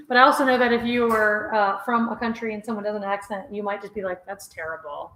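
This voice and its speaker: A woman's voice: on the high side, fairly even intonation, brisk, fairly bright tone, slight background noise. A middle-aged woman hosting a casual home vlog, chatting with viewers and laughing often. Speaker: vlogger host. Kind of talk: casual live chat with viewers. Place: indoors at home. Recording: roomy echo.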